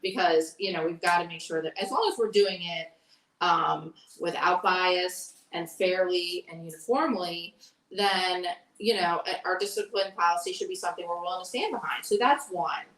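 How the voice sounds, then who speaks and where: A woman with a slightly low voice lays out her views on school policy in an earnest, explanatory way, pausing often with ums and you-knows. She sounds distant from the mic, and the room around her is echoey. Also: fairly even intonation, fairly bright tone. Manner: earnest, explanatory, with frequent fillers. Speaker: school board candidate. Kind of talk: candidate forum answers.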